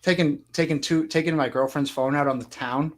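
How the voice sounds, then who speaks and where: A man's voice: a little high, steady tone, a little fast. A man co-hosting a casual panel chat over a video call, joking and rambling. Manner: joking, rambling, laughs often. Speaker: co-host.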